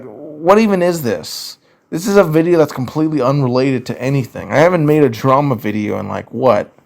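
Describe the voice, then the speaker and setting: A man with a Southern US accent speaks at a mid pitch in a slow, drawn-out way. He rants casually through viewer questions and leans on fillers as he goes. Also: vocal fry. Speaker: YouTuber answering viewer questions. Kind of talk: casual ranting commentary.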